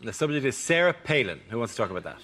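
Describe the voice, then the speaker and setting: A man's voice: mid-range voice, sing-song, racing, a bit bright. A man hosting a comedy panel show, announcing rounds and calling on players. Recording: studio audience and noise.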